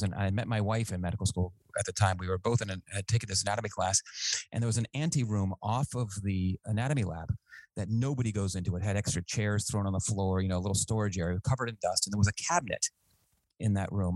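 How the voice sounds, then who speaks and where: A man, a physician and author, telling his story as a guest in a radio interview, earnest and measured with small restarts. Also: fairly low pitch, darkish tone, no room sound, poor audio.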